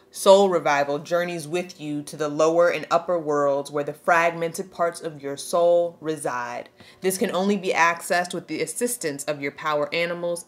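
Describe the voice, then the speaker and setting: A woman giving a spiritual tarot reading to camera. She preaches in an emphatic, slangy way, reads aloud from a card book, and is tearful. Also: low-pitched. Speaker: tarot reader.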